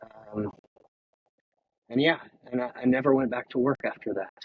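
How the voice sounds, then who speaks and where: A man in his fifties, a retired firefighter, speaking candidly and emotionally in an interview, with halting pauses and restarts over a video call. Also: mid-range voice, fairly even intonation, phone-quality sound, slight background noise.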